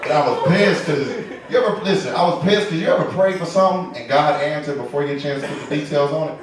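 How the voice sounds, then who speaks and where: A man doing a stand-up set in street slang, laughing at his own jokes and shouting his punchlines. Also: a little high, quick pace, far from the mic. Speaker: stand-up comedian. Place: comedy club stage. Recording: echoey club recorded from afar, crowd noise.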